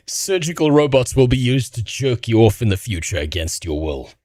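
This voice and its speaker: A man's voice: medium pitch, big pitch swings, normal speed, darkish tone, no room sound, clean studio sound. A man streaming live, reacting to videos with blunt, profane commentary and frequent laughter at his own jokes.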